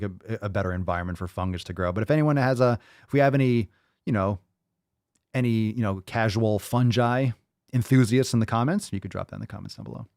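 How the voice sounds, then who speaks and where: Male podcast host, lowish voice, dry studio sound, loud profane ranting delivery. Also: no echo. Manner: profane, loud, hyped rants.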